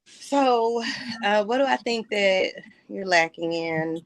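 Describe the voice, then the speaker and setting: A woman with an Oklahoma accent, a guest in a casual group call, talking in a relaxed, rambling way full of "like" and "you know.". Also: medium pitch, takes it slowly, poor audio. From Oklahoma, USA. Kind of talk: casual online group chat.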